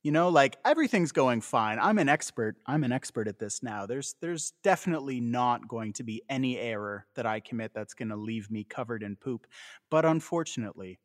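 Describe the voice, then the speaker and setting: Animated man telling funny stories. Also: mid-range voice, brisk, no echo, studio quality. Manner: playful storytelling, animated. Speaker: podcast co-host. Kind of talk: casual chat.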